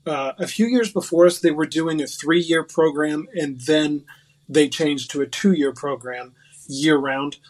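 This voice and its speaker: A man's voice: a little high, a little slow. A man in his thirties from West Virginia, telling stories about his acting past in a chatty, self-mocking way with many fillers. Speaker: podcast guest, actor. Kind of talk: casual interview chat.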